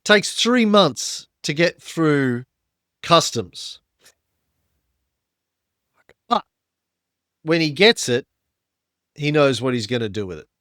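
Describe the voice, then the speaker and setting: A man hosting a comedic history podcast, telling the story with animated delivery. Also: on the high side, takes it slowly, long pauses, no echo, studio quality. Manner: animated storytelling with put-on voices.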